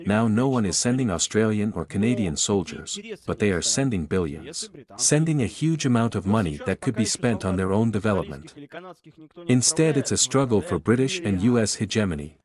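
A man's voice: on the low side, big pitch swings, moderate pace, a little mellow. A man giving political commentary as a voice-over, arguing in a sarcastic tone. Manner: sarcastic, argumentative.

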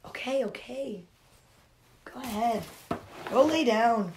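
A woman reads a children's picture book aloud in a high, unhurried voice. She breaks off for giggly, chatty asides to the kids. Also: lively intonation, noisy background. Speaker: comedian reading to children. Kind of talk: storybook read-aloud with asides.

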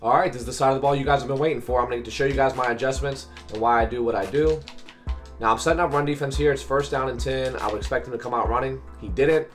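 A man with a raspy, hoarse voice from a cold, commenting on a football video game and cheering at plays. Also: mid-range voice, steady tone, fast talker, soft background music. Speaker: gaming commentator. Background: faint background beats.

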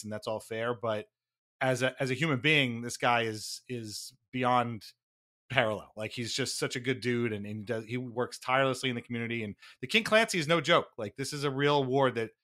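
Podcast co-host, man, casual rambling delivery, bright tone. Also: medium pitch. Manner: rambling, restarts often, laughs between thoughts. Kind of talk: casual sports podcast chat.

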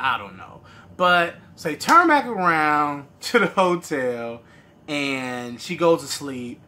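A man's voice: fairly high pitch, bright, forceful tone. A man reviewing a movie in a loose, slangy casual chat, laughing often and acting out his own reactions.

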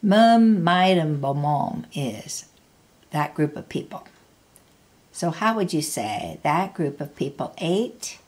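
A woman's voice: deep voice, expressive, slow pace, darkish tone. A woman teaching a language lesson, patiently prompting the listener to repeat words and asking how to say phrases. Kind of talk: slow spoken language lesson.

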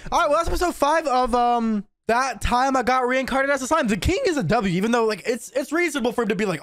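A man hosting an anime reaction, talking casually and excitably, swearing and yelling at the screen. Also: very high voice, fast talker, few pauses, no echo. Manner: excitable, profane, yells at the screen.

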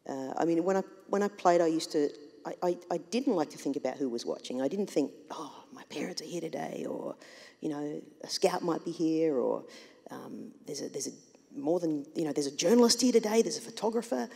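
A woman with a low, dark voice speaks earnestly at a live talk, her pitch rising and falling widely as she makes her points. She poses rhetorical questions to the room. The hall adds a long reverb behind her. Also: expressive, a little fast, creaky, husky. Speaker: panel guest. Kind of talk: reflective speech at a live talk. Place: event hall with audience.

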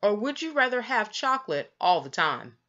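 A woman's voice: mid-range voice, very animated, moderate pace, a bit bright, highs cut off, voice pushed up. A woman voicing a father who reasons persistently with his son, in a storybook read-aloud. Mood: reasoning. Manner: reasoning and persistent, long lists.

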